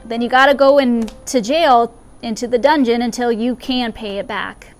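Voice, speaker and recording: A woman playing a calm, soft-spoken king. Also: fairly high pitch, normal speed, soft background music, natural voice. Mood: lordly. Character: generous male king of a kingdom.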